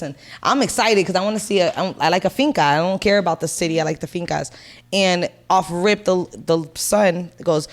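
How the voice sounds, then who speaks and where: A woman's voice: lowish voice, a little fast. Blunt, storytelling Puerto Rican woman in her thirties. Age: 30s. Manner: animated storytelling, blunt and profane. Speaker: podcast co-host. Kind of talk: casual chat.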